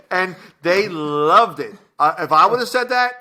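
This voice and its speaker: A man's voice: sits high, bright, forceful tone. A man co-hosting a podcast from a home studio, telling rambling stories in casual chat with many fillers and restarts. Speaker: podcast co-host, comedian.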